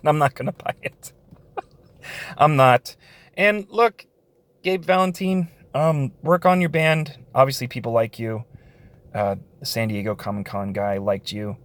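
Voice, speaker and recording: A man's voice: mid-range voice, a bit bright. A man giving a casual spoken review of a comic book, sarcastic, with frequent sighs, short laughs and fillers.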